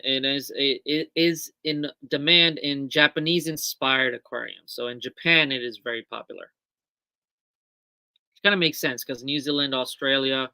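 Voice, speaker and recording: A deep-voiced woman hosts a casual livestream from her small shop, walking viewers through products in a chatty way full of ums and self-corrections. Her voice sounds pushed and bright, clear and resonant, with no echo in the recording.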